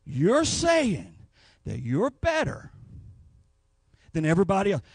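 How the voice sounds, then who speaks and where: A man's voice: high voice, takes it slowly, breathy edge, dry recording. A man preaching a Pentecostal revival sermon, telling folksy stories and acting out voices. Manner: animated, folksy storytelling with acted voices.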